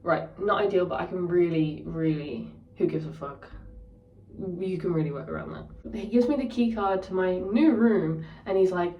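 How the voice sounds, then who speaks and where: A woman's voice: lowish voice, moderate pace, far from the mic, muffled recording. A young woman casually telling a story, candid and sweary, ranting. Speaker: vlogger. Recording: roomy echo, voice set back from the mic.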